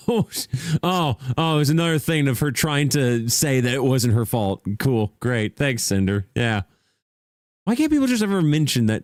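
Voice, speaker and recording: A young man hosting a casual livestream chat, animated and jokey, who laughs often and swoops his voice up when greeting viewers. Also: mid-range voice, moderate pace, no room sound, studio quality. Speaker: streamer host.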